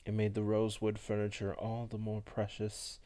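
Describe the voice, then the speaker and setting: A man voicing a melancholy old vampire who recalls his past slowly and softly. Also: on the low side, monotone, clean tone, natural voice. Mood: wistful. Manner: slow, soft, hushed storytelling.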